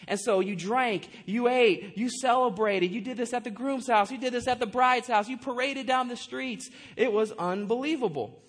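A high-pitched man preaching in a lively, talky way, often turning to the congregation with quick asides and rhetorical questions. He has a light, raised voice for a man. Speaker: pastor. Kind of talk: sermon.

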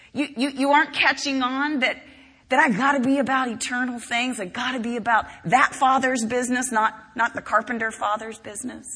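A woman playing a young Jesus during a sermon, speaking earnestly and asking gentle questions, in a reverberant hall. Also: sits high, slightly rough, pitched above the performer's own voice.

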